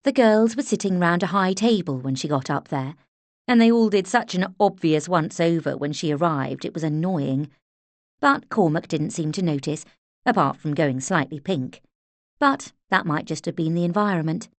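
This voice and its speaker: A woman narrating an audiobook in a measured, expressive storytelling manner. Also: lowish voice, no echo. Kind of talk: scripted narration.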